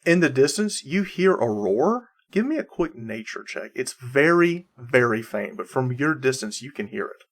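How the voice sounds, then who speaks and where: A man's voice: mid-range voice, big pitch swings, moderate pace, hardly any pauses. A man narrating as game master of a tabletop game, rambling with many restarts and fillers.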